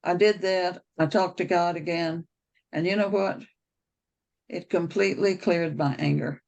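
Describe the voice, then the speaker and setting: Brief: storyteller with a creaky, gravelly voice and a middle pitch, rambling and anecdotal, heard over a video call. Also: steady tone, measured pace, darkish tone, muffled recording. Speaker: speaker on a members' call. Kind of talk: personal storytelling talk.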